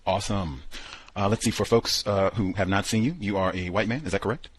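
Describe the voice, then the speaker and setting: A man's voice: on the low side, steady tone, fairly quick, a crowd in the background, low-quality recording. A man hosting a radio talk program, telling stories animatedly with lots of quoted asides and fillers. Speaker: radio show host.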